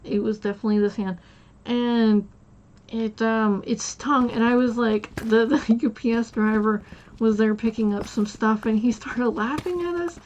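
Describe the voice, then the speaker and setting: Rambling woman streamer, higher voice. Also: fairly even intonation, moderate pace, darkish tone, highs cut off. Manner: rambling storyteller with many restarts and giggles. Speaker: live streamer. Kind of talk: casual chat while streaming a game.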